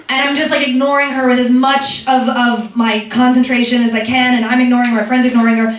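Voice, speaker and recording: Young woman from Philadelphia, stand-up storytelling, chatty, self-deprecating, fairly high voice, echoey club, distant mic. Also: flat delivery, quick pace, hardly any pauses, a little hiss or hum. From Philadelphia, USA. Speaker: stand-up comedian. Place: comedy club stage. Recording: echoey room, distant mic, audience laughter.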